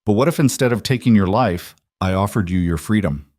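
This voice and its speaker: A man reading the part of a cultured male crime boss with a faint Russian accent, smooth and persuasive. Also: on the low side, fairly quick, darkish tone, dry recording, clean studio sound, lightly acted. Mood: smooth menace.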